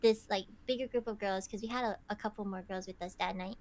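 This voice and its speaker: A young woman hosting a casual podcast, telling stories in an animated, giggly way with lots of "like". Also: mid-range voice, fast. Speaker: podcast host.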